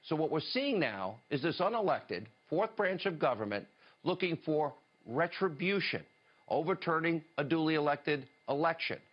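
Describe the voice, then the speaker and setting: A man's voice: a little high, expressive, moderate pace, dull audio. A man delivering an emphatic, indignant political commentary monologue in the style of a TV news commentator, often quoting statements.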